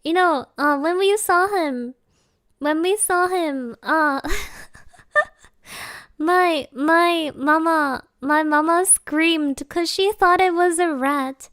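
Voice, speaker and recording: Woman streamer, very high voice, slow and drawn out, giggly, rambling casual chat. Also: a bit bright, no room sound, studio quality.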